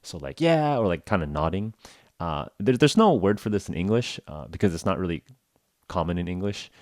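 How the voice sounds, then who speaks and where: A man's voice: low-pitched, brisk, no room sound, studio quality. A man hosting a podcast, telling a story casually and acting out the dialogue with laughs. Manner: animated, acts out dialogue with laughs. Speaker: podcast host. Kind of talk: casual storytelling for English learners.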